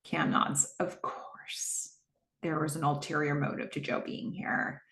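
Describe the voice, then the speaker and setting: A woman hosts a podcast, reflectively recapping a TV episode, narrating scenes with lots of fillers and asking listeners their thoughts. Her voice is low-pitched yet fairly bright, level in tone, at a normal speed, in an echoey room.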